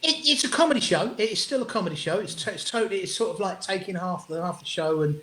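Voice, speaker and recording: A man, a comedian guest telling animated, sweary stories in an interview and acting out what people said. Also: high-pitched, fast. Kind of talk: storytelling interview chat. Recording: roomy echo.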